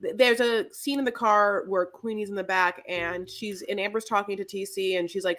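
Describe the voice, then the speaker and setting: A woman co-hosting a casual recap podcast, talking in a loose, rambling way. She stops and restarts her sentences often and swears freely. Her voice sits at a middling pitch. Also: normal speed, few pauses, fairly bright tone. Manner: rambling, self-interrupting, profane. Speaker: podcast co-host.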